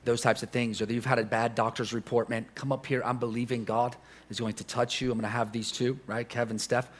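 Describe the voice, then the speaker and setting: A man's voice: mid-range voice, level tone, fairly quick. Encouraging male pastor closing a service. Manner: affirming, encouraging.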